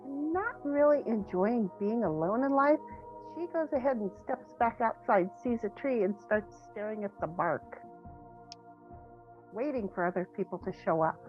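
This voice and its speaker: Female player, high and playful, muffled lo-fi recording. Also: expressive, moderate pace, faint music behind. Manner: playful, dreamy. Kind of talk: casual tabletop play. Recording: dull lo-fi mic.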